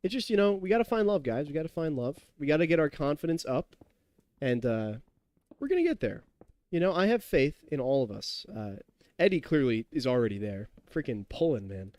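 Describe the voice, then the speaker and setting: Tipsy male streamer, 20s, slightly high voice, rambling and chatty, dry close sound. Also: sing-song, a little fast, darkish tone, dry recording. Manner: rambling and chatty, with frequent restarts and laughter, addressing chat. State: tipsy from drinking. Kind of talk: casual live-stream chat while gaming.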